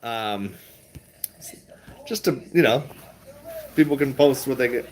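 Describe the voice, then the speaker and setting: A man's voice: medium pitch, takes it slowly, noisy background. A middle-aged man chatting casually to viewers, laid-back and rambling, laughing often. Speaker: stock vlogger. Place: around his retail shop and car.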